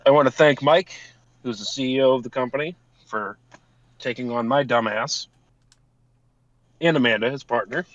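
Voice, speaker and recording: A man's voice: medium pitch, normal speed, long pauses, no room sound. Male podcast co-host, casual and profane, slightly muffled dry recording. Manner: swears casually, reads off a thank-you list.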